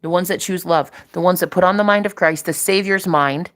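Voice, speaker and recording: A woman's voice: on the low side, fairly quick, fairly bright tone. A woman giving a casual spiritual reading, emphatic and preachy, repeating phrases for effect and swearing casually. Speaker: spiritual reader. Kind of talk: casual spiritual vlog talk.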